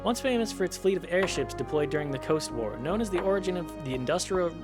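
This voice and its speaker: A man's voice: sits high, expressive, fast. A man running a tabletop game as game master, reading lore and joking crudely. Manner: lore narration with crude jokes. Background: music.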